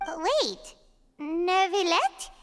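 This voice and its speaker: A woman voicing a tiny, excitable female fairy companion in a game who speaks of herself in the third person. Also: very high voice, drawn-out words, over music, exaggerated voice. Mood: curious. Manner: talks of herself in third person, eager, chirpy.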